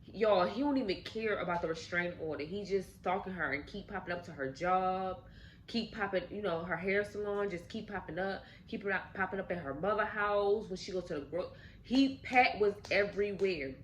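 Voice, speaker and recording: A woman's voice: mid-range voice, normal speed, slight background noise, low-quality recording. A woman host casually telling a story while eating, talking directly to her viewers. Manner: animated, addresses viewers directly. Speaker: channel host.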